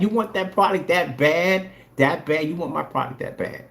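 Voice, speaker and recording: A man's voice: a little high, animated, moderate pace, few pauses, a bit bright. A man hosting a trash-talking challenge vlog who taunts his rivals and boasts about his paint product. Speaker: vlogger selling paint products. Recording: echoey room.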